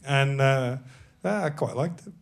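A man's voice: medium pitch, a little slow, gravelly, slight background noise. Laughing man telling stage stories. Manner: laughing storyteller, self-deprecating. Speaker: actor guest. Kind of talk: casual anecdote on a live comedy podcast.

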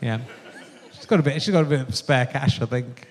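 A man's voice: medium pitch, fairly quick, darkish tone, a faint crowd. A man hosting a podcast interview, chatty and rambling, laughing often as he talks. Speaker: podcast host. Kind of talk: casual live podcast interview. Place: theatre stage before an audience. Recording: long hall reverb from a live theatre.

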